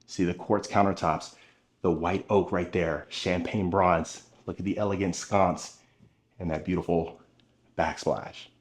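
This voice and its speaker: A man narrates his way around a large house at a slightly slow pace, his slightly low voice steadily enthusiastic as he speaks to the viewers. Audio is picked up by a handheld camera moving from room to room.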